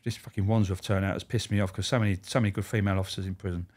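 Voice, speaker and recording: Man, 50s, lowish voice, animated storyteller, swears a lot. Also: rapid-fire. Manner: animated, acts out quoted voices. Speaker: former prison officer.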